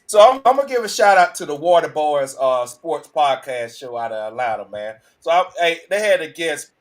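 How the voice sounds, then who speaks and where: A man co-hosting a casual sports talk show, halting and teasing as he sets up a topic. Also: on the high side, expressive. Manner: halting, restarts often, teasing. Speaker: co-host.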